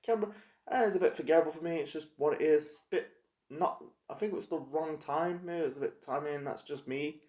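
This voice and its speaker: A man casually reviewing a TV episode, rambling and halting with lots of fillers and restarts. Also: fairly high pitch, darkish tone. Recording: echoey room.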